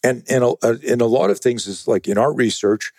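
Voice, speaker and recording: A man, a self-defense trainer, talking as a podcast guest in a casual, profane, animated way and acting out the quotes in his stories. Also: medium pitch, fairly quick, no room sound, clean studio sound.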